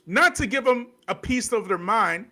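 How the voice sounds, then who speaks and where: A man's voice: high voice, animated, normal speed, pushed and bright. A man hosting a livestream commentary, scornful and repeating his points with rhetorical questions. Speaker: host.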